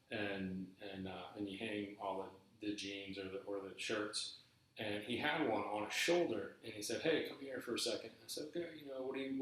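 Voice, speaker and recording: A podcast host telling a story from his past in a loose, rambling way, with plenty of "like" and "uh." His voice sits a bit low. The recording is very echoey, as if he were in a bare room. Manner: rambling, animated, lots of fillers. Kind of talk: casual storytelling monologue.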